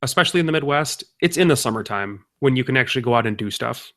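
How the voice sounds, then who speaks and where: A man's voice: mid-range voice, expressive, quick pace, pushed and bright. Dry, teasing male podcast co-host. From United States. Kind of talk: casual podcast chat.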